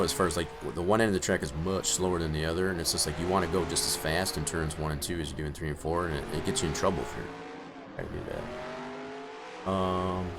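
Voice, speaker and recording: A man commenting on his own sim-racing session in a live stream, with excitable outbursts and rambling asides. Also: deep voice, background noise.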